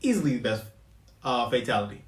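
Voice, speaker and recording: A man co-hosting a casual chat about movies and games, relaxed and quick to laugh. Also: mid-range voice, reverberant, rough recording. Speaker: podcast co-host. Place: home room with air conditioner running.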